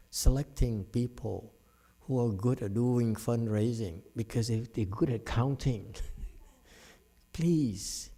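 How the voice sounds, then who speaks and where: A man's voice: medium pitch, warm tone. A middle-aged man giving a dharma talk as a Buddhist teacher, frank and scolding, teasing listeners by name and laughing often. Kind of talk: dharma talk to a live audience.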